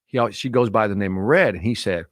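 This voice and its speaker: A middle-aged man, a motivational speaker guesting on a podcast, talking in an earnest, energetic storytelling manner. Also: lowish voice, brisk, dry recording, clean studio sound. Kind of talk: casual podcast interview.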